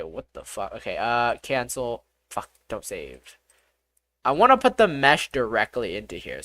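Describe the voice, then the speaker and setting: A game developer streaming live, talking through each step aloud, excitable and swearing often. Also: mid-range voice, dry recording. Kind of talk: live-streamed coding commentary.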